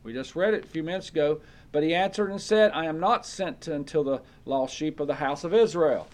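A man's voice: on the high side, brisk. A man preaching a Bible study sermon, reading verses aloud and checking in with his listeners with "okay?".

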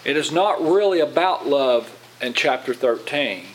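A man's voice: medium pitch, animated, a little slow, slight background noise, low-quality recording. Man teaching Bible with questions. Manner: informal, asks congregation questions, repeats words. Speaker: pastor.

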